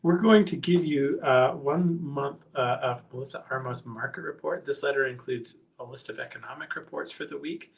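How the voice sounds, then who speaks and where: A man's voice: medium pitch, moderate pace, vocal fry, hardly any pauses. A man hosting a live webinar in a chatty, informal, easygoing way. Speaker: conference host. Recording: dull lo-fi webinar audio.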